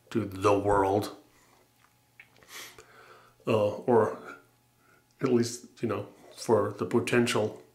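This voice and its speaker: A man rambles to his camera from a room upstairs at home, thinking aloud with wry asides. He is a little out of breath and stops often on fillers. His voice sits at a middle pitch and carries a roomy echo. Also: gravelly. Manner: musing, wry, halting with fillers. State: slightly out of breath. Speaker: vlogger. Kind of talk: rambling casual vlog. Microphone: camera mic.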